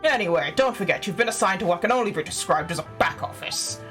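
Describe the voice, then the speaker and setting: A dismissive senior police boss with a clipped, unimpressed delivery, read aloud by a woman on stream. The lines land flat and curt, with soft game music in the background. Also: mid-range voice, fast talker, lightly acted. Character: dry, dismissive male deputy commissioner.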